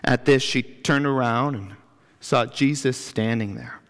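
A man's voice: medium pitch, measured pace, a bit bright. A man preaching a sermon as pastor in a church, reflective and earnest, building emphasis through lists. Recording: long reverb of a church hall.

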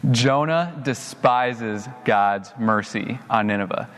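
A young adult man preaching a sermon as a pastor, telling a personal story and getting animated when he quotes himself. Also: medium pitch, takes it slowly, big-room sound.

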